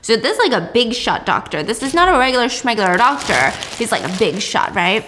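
A woman's voice: a little high, fairly quick, background noise. Bubbly woman retelling a drama. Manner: animated, playful storytelling. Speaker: host. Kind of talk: casual drama recap chat.

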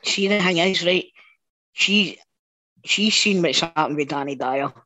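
A Scottish man co-hosts a football podcast, talking in a brisk, casual way and swearing freely. His voice sits fairly high for a man. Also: pushed and bright, low-quality recording. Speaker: podcast co-host. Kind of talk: casual chat.

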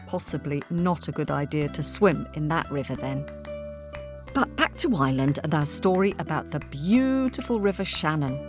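A woman hosting a children's story podcast, chatty and playful, quizzing her listeners. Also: lowish voice. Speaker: podcast host. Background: background music.

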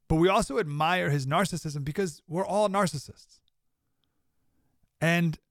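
A man's voice: on the high side, no echo. Sarcastic male podcast host, dry close mic. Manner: emphatic and sarcastic, with mocking put-on quotes. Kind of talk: opinionated commentary monologue.

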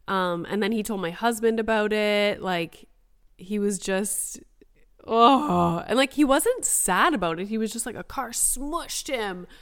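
A woman's voice: medium pitch, normal speed, smooth. A woman in her thirties hosting a solo podcast, chatting casually and acting out quoted dialogue with lots of "like.". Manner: chatty and animated, acts out quoted dialogue with frequent "like". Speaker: podcast host.

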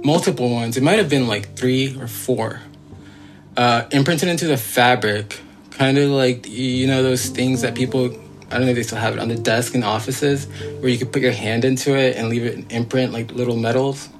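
Guy telling his story on a podcast, mid pitch, rambly and earnest, lots of likes and restarts, faint music behind. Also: normal speed. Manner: rambling, full of fillers and restarts; earnest, insistent. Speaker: guest telling his own encounter story. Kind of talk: casual spoken storytelling.

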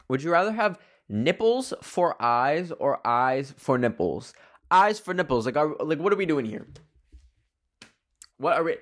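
Young male host, casual rambling solo chat, lively ups and downs in pitch. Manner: rambling, animated, heavy use of "like". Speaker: podcast host.

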